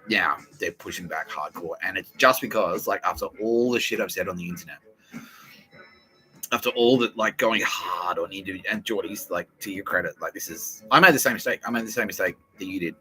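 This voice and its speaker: Ranting Australian man, bright sharp tone. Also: low voice, rough recording. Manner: ranting, swearing, laughing, putting on mocking voices. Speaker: podcast host. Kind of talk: profane comedic rant.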